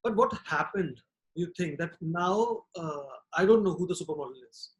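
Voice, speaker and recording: A man's voice: a little high, normal speed, low-quality recording. Hesitant interviewer man. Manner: hesitant questioning with restarts. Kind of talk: casual interview.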